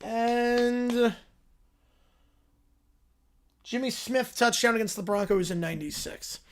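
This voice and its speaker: A man's voice: very high-pitched, takes it slowly, a little hiss or hum. A man hosting a livestream, reacting aloud in casual chat and thanking viewers. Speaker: livestream host.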